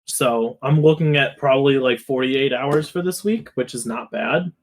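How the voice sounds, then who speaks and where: A man's voice: medium pitch, moderate pace. A young man co-hosting a podcast, telling rambling, profane stories that drift into rants. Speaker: podcast co-host. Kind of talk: casual chat.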